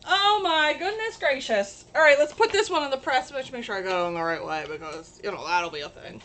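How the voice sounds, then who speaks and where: A woman hosting a casual crafting livestream, chatty and gushing with excitement. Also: high voice, fairly quick, slight background noise.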